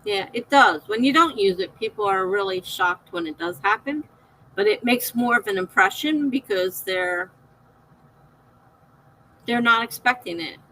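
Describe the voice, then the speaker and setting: A woman's voice: mid-range voice, lively intonation, a little slow, fairly bright tone, slight background noise, low-quality recording. A middle-aged woman hosting a live stream, chatting casually with viewers, laughing often and reading out their comments.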